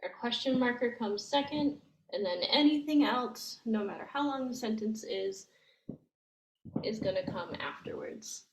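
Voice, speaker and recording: A woman teaches a language lesson, explaining each step gently and with frequent ums. She speaks slowly in a fairly high voice. The recording sounds roomy and echoey, with a faint hiss underneath. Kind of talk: slow, patient language lesson.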